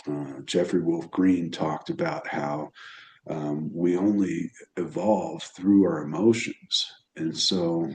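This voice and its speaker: A man talking as an astrologer in an unscripted solo talk, halting and reflective, with many restarts. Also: low voice, steady tone, rough recording. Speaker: evolutionary astrologer.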